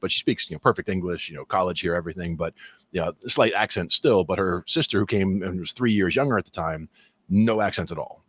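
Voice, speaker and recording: A man from New Jersey with a New Jersey accent, co-hosting a podcast in casual chat and telling lively stories. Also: low voice, no echo. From New Jersey, USA. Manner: animated storyteller, acts out quoted voices. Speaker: podcast co-host.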